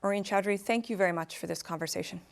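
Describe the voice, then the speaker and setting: A woman news anchor conducting a live interview, brisk and measured. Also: medium pitch, vocal fry.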